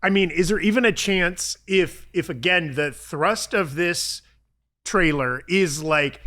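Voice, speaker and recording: A man's voice: fairly high pitch, slow, sharp tone. A man co-hosting a movie rumor show, musing aloud and throwing questions at his partner. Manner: musing, asks lots of questions. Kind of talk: casual podcast chat.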